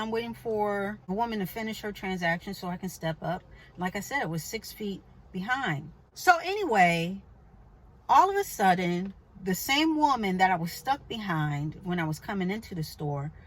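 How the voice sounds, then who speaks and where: A woman vlogger telling a personal story to her viewers in a chatty, animated way, with asides to the viewer. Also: mid-range voice, low-quality recording. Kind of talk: casual storytelling to camera.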